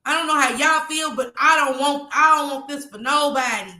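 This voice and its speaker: Her voice sits high, pushed and bright, at a normal pace, and the room is echoey. The YouTube vlogger tearfully and passionately addresses her livestream viewers, reading their chat comments aloud.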